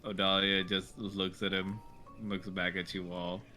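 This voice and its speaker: A man's voice: sits low, little pitch movement, a little slow, bright, forceful tone, soft background music. A man narrating a tabletop game as game master in a casual, loose way.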